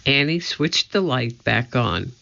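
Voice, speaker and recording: A man reading a children's story aloud in a steady, scripted narration. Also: mid-range voice, slow, vocal fry. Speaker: audiobook narrator. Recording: slightly dull lo-fi audio.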